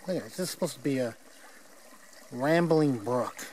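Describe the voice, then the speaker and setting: Recording on a handheld camera mic along a forest trail, an older hiker races through a rambling, self-mocking vlog, chuckling as he goes. His medium-pitched voice is expressive with a dark tone, and there's slight hiss or hum.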